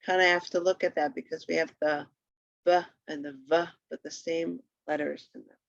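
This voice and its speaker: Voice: medium pitch, steady tone, moderate pace, vocal fry, a bit bright, dry recording. A patient teacher walking through a Hebrew primer on a shared screen, repeating each word twice for the learner. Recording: dull lo-fi recording.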